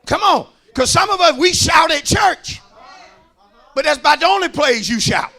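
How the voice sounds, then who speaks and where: A man, a pastor preaching a sermon in a church, shouting in a rhythmic, sing-song way and calling out to the congregation. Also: extremely high pitch, expressive, normal speed.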